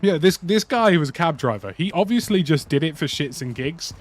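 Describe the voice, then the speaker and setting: A man's voice: on the high side, animated, brisk. A British man casually telling a rambling, slang-heavy story while playing a game. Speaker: gaming YouTuber. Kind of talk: casual anecdote over gameplay. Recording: game sound noise under voice.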